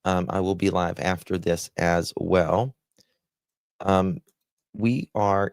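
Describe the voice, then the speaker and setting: A man hosting a live stream, slowly greeting viewers by name with endearments like honey and my dear, heartfelt and gentle. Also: sits low, fairly even intonation, creaky, clear, resonant tone, no echo. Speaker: livestream host.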